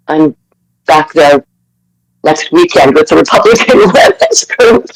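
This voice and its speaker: A woman's voice: low voice, huge pitch swings, a little slow, low-quality recording. Heated Canadian-born woman caller. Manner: heated, swearing rant with laughing apologies. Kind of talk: live audio chat room call-in.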